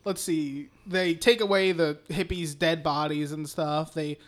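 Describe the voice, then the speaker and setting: A man's voice: on the high side, fairly even intonation, a little slow. A man co-hosting a casual film podcast, retelling the story in a rambling way. He swears constantly and breaks into laughter. His talk is loose and unscripted. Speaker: podcast co-host.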